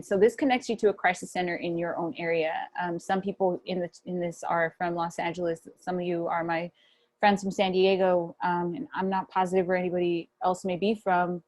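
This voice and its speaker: A woman with a lowish voice talks over a video call, relaxed and encouraging. She leans on fillers as she goes. The sound is dry and close. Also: brisk, dry recording. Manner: encouraging, loose, many fillers. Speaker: guest speaker on mental health. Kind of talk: casual video call talk.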